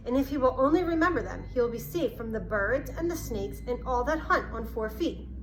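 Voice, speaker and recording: A woman's voice: fairly high pitch, lively intonation, brisk, a little hiss or hum, lightly acted. A woman voicing a stern, earnest old male bear who teaches and scolds a boy in a storybook read-aloud.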